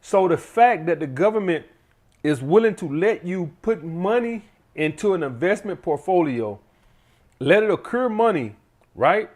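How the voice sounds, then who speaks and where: A blunt man talks straight to his viewers in a casual, profane advice monologue, checking in with them again and again. His voice sits a little higher than most men's. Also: expressive, normal speed, a little mellow. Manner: blunt, profane, keeps addressing the audience as guys. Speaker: channel host giving money advice.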